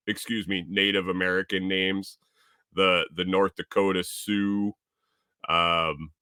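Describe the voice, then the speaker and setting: A man's voice: sits low, sharp tone, smooth, dry recording, clean studio sound. A man from Minnesota hosting a casual livestream, rambling through viewer comments and laughing often. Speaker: livestream host.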